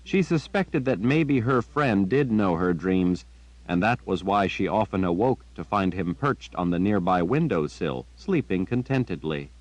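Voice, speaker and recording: Deep-voiced male audiobook narrator. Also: lively intonation, dry recording, low-quality recording. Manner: measured, unhurried storytelling. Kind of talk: scripted narration.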